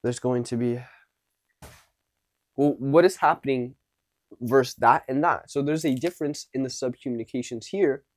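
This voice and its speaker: A man's voice: mid-range voice, moderate pace, pauses often, dry recording. A man coaching on social skills, talking casually to camera and acting out unsure and confident tones of voice. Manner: demonstrates tones of voice, shifting between unsure and commanding.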